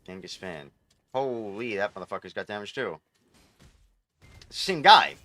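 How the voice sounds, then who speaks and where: Excitable, foul-mouthed young male gamer. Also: on the low side, measured pace, no room sound. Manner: excitable, profane, rambling. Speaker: live streamer. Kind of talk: live gameplay commentary.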